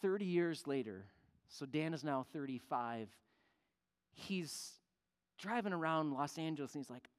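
Animated preacher man in a reverberant hall. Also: on the high side, a little slow, clear, resonant tone. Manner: animated storytelling, acting out voices in the story. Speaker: pastor. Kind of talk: sermon storytelling.

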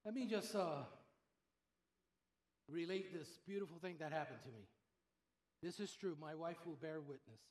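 A man's voice: a little high, moderate pace, pauses often, echoey room. An older man preaching a sermon as pastor, telling stories and acting out the voices of the people he quotes. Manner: animated storyteller, acts out quoted voices.

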